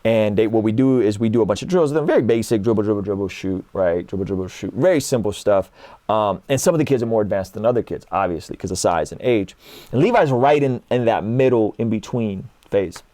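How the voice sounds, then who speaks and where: A man in his thirties, a guest in a casual conversation, telling stories in an animated way and acting out what others said. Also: on the low side, fairly quick, no room sound. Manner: animated storyteller, acts out quotes.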